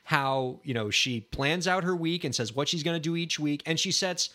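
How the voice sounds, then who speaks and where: Relaxed male podcast co-host. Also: on the high side, normal speed. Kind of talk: casual podcast chat.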